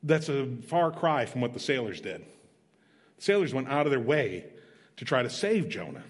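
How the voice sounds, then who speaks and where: A man's voice: medium pitch, big pitch swings, normal speed, slightly rough. A man preaching a sermon, retelling a story in a plain, conversational way with emphatic asides. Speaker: missionary preacher. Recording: long reverb of a large hall.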